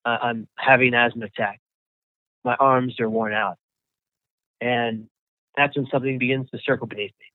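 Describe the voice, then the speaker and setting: Man with halting speech over a tinny line. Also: mid-range voice, steady tone, no echo. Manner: halting, repeats words when emotional. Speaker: guest, survivor telling his story. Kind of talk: personal story in an interview.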